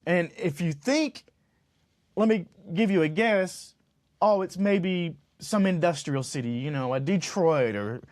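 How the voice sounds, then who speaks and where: Speaking unhurriedly in a high-pitched voice, this podcast co-host sounds stuffed up as he jokes and rambles with animated energy on a laid-back show. He's a Utah resident who once lived in Los Angeles.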